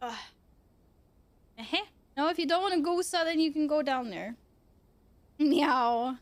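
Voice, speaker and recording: A young woman with a high, bright pitch chats casually on a stream from her computer at home. She swears freely, chats off the cuff and coos at her cats, and her voice sounds close and dry on a desk mic. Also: unhurried, no echo. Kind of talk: casual chat.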